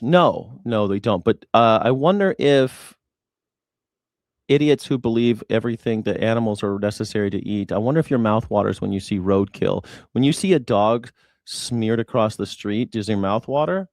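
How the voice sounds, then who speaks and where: A man hosting a live news reaction stream. He talks straight to his chat in a sarcastic, mocking way and swings between loud jabs and hushed asides. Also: on the low side, moderate pace, dry recording, studio quality.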